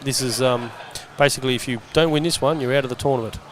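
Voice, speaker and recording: A man commentating live on a pool match, relaxed and bantering with his co-commentator. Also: medium pitch, quick pace, slight background noise. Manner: relaxed, banters and laughs easily.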